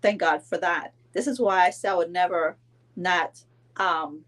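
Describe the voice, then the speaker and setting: A woman's voice: lowish voice, measured pace, a bit bright. A woman in her forties from Belize, talking casually and rambling with lots of fillers on a live stream. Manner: chatty, rambling, many fillers and restarts. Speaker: vlogger.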